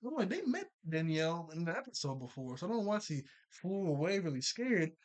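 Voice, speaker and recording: A man casually recapping a cartoon episode, rambling and chatty, full of filler words and quick self-corrections. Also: on the high side, big pitch swings.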